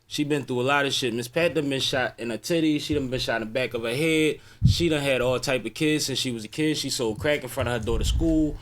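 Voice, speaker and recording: A man hosting a podcast, retelling a story in excited, slangy casual chat. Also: mid-range voice, brisk, hardly any pauses. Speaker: podcast host.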